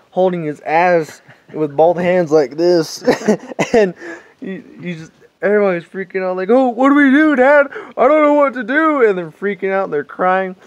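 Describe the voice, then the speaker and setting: Man, slightly high voice, dry close sound, swearing and laughing through a story. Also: dry recording, muffled recording. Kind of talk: casual anecdote.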